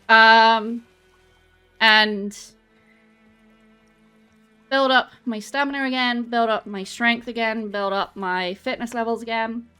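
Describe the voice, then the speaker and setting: An English woman rambles casually to her livestream viewers while walking on a treadmill at home. Her voice sits on the high side and has a sharp tone.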